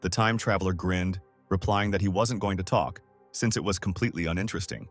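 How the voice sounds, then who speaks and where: A man's voice: low-pitched, fairly even intonation, a little fast. A man narrating a story recap in a scripted, dramatic way. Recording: faint background music.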